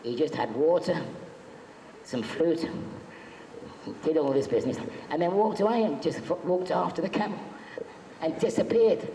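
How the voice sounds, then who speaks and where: Man on a convention panel, chatty joker with a fairly high voice, recorded in a large reverberant hall. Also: creaky, dark tone. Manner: jokey, chatty, acts out quotes. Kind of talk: anecdotal storytelling to a live audience. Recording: echoey hall, faint background noise.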